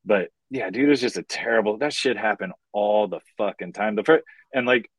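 A man telling wild stories as a podcast guest, profane and animated, acting out the voices of the people in them. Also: fairly low pitch, moderate pace, husky, no room sound. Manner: profane, animated, acts out quoted dialogue. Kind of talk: casual chat, storytelling.

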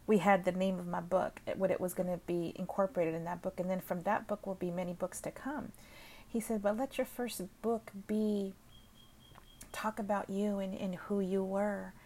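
A woman in the middle range of pitch recounts a personal story with heartfelt emotion. She repeats phrases as she talks and now and then sinks into a soft whisper. Her delivery is casual and unscripted. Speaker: social media creator.

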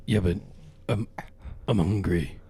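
A man playing in a tabletop game, grumbling and deadpan. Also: low-pitched, slow pace, a little hiss or hum. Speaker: player. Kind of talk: in-character tabletop play.

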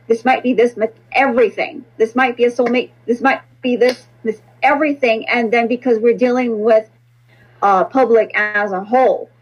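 A woman's voice: on the high side, slightly rough, highs cut off. A woman reader and podcast host speaking in a blunt, repetitive, profane monologue. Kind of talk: casual spoken monologue.

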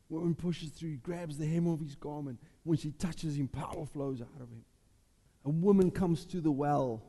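Male pastor, dark mellow voice, animated sermon, reverberant hall. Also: on the high side, unhurried, creaky. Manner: animated preaching, acting out Bible voices. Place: church.

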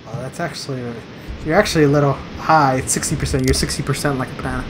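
A man's voice: mid-range voice, fairly even intonation, quick pace. A man in casual chat, rambling and playfully quizzing the other person with trivia facts. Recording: noisy background hiss.

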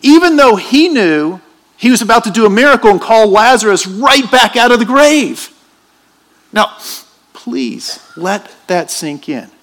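A man's voice: sits high, big pitch swings, a little slow, fairly bright tone. A man preaching a sermon in a church, emphatic and questioning his congregation. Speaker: pastor.

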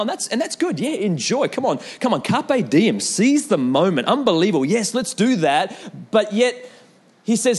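A young man preaching a sermon in an animated way, with repeated calls to the congregation and storytelling asides. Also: high voice, brisk, husky. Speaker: pastor.

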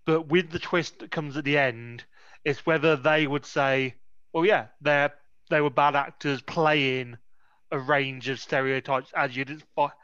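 A man in casual chat reviewing a film as podcast co-host, sarcastic and energetic. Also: mid-range voice, smooth, no echo. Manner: sarcastic, energetic, quick to laugh. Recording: dry, slightly dull lo-fi audio.

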